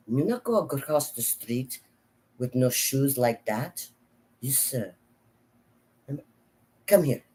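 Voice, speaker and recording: A woman's voice: extremely low pitch, exaggerated voice. A woman impersonating an old grandmother with a thick Slavic accent, scolding a child in firm, broken English. She sounds protective and insistent, warning over and over. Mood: stern warning. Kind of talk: impersonation in a vlog.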